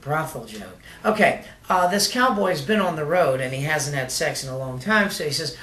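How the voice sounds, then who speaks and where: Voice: medium pitch, lively intonation, moderate pace, heavy background noise. A joke teller telling rambling jokes casually, with fillers and asides. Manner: shaggy-dog pacing with fillers and asides. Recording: echoey room.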